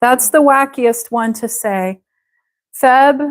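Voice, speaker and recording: A woman's voice: on the high side, poor audio. A woman teaching a live online English class, speaking patiently and drawing out words to model how they sound. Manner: patient, slow, stretches out words to model pronunciation.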